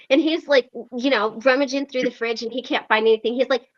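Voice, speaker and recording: A woman's voice: fairly high pitch, a little fast, highs cut off. A woman telling a story on an online meeting, acting out the quoted lines with lots of fillers. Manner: animated, acts out quoted lines, frequent fillers. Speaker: recovery meeting host. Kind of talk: casual storytelling.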